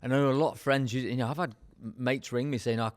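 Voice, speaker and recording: A man co-hosting a casual podcast, talking fast as he steers the conversation along. His pitch sits in the middle range. The sound is close and dry, and the delivery stays quick and chatty throughout. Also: fairly even intonation, no room sound. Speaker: podcast co-host.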